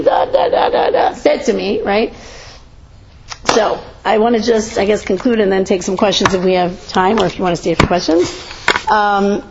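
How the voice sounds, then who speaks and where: A woman speaks to an audience in an informal lecture, animated and conversational, acting out quotes and throwing in rhetorical questions. Her voice sits at an ordinary pitch. The recording is a little dull and muffled, with a faint hiss underneath. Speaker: speaker giving a talk.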